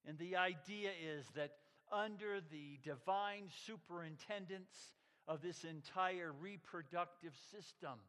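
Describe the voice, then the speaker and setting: A man preaching a sermon, emphatic and measured, sometimes dropping his voice very low. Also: a bit bright, in a large hall. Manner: slow, emphatic preaching that drops to a near whisper. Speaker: pastor.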